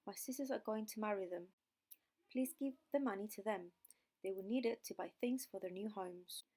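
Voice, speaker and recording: A woman voicing a quiet, brave young woman in an audiobook reading of a fairy tale. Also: medium pitch, moderate pace, close to an everyday voice. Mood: earnest. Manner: quiet and earnest.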